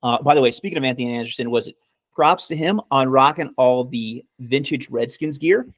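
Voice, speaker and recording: A man's voice: medium pitch, brisk, no echo. A man co-hosting a podcast in casual chat, giving sarcastic mock praise and rambling with many fillers. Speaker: podcast co-host.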